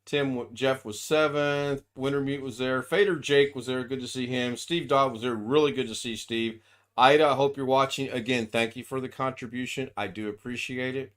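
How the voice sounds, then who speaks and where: A man's voice: medium pitch, fairly even intonation, moderate pace, a bit bright. A man hosting a casual live stream, chatting loosely and reading out viewers' names. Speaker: livestream host.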